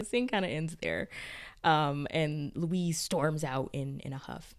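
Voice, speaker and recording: A woman's voice: low-pitched, measured pace, smooth. A woman giving a casual recap review of a TV episode, chatty and rambling, with many "like" fillers.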